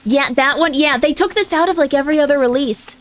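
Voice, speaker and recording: A woman's voice: high-pitched, brisk, slight background noise. A woman streamer chatting casually while playing a game, rambling with lots of filler words. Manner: rambling, heavy use of 'like'. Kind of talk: casual gaming livestream chat. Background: faint game music.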